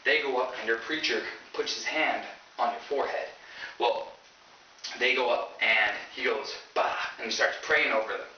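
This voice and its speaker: A man's voice: mid-range voice, moderate pace, pushed and bright, slight background noise. A male stand-up comedian telling a story in a loose, casual way, with lots of fillers. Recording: echoey dull room from far off.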